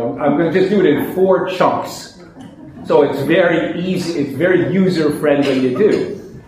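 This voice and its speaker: Man teaching meditation in an echoey room. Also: a little high. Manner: calm, explanatory, with frequent restarts. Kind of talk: teaching a mindfulness class. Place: classroom or meditation hall. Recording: very echoey room, faint noise.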